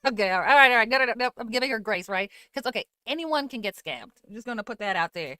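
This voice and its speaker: A woman's voice: fairly high pitch, lively intonation, quick pace, pushed and bright, clear, resonant tone, no room sound, studio quality. A woman hosting a casual reaction commentary, sarcastic and skeptical, with laughing asides. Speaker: commentary host.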